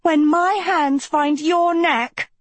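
A woman doing a gruff, stubborn teenage girl. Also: fairly low pitch, expressive, extremely slow, a little mellow, no room sound, full character voice. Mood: furious.

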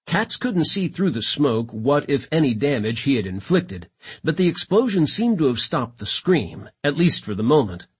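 Husky male audiobook narrator. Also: medium pitch, normal speed. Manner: dramatic, expressive reading. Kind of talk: scripted science fiction narration.

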